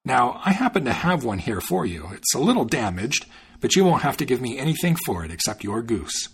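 Shrewd, smooth-talking tradesman, coaxing pitch, husky and lively, as a man voices him. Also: a little fast, full character voice.

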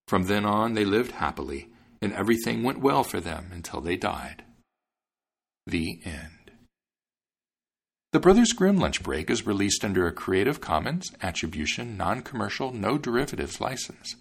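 A man hosting a podcast, narrating a fairy tale in an expressive reading voice. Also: on the low side, normal speed, gravelly, slightly rough. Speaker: podcast host and reader. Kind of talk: storybook narration.

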